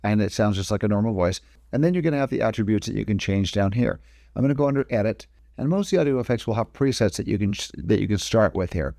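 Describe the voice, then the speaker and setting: Low-voiced man walking through software. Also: expressive, quick pace, vocal fry, no room sound, studio quality. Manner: casual step-by-step explaining, frequent self-corrections. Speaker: video editing instructor. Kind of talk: screen-recorded software tutorial.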